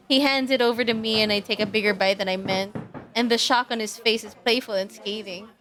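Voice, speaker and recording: A young woman streaming, reading a dating game aloud in a giggly, animated way. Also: on the high side, moderate pace.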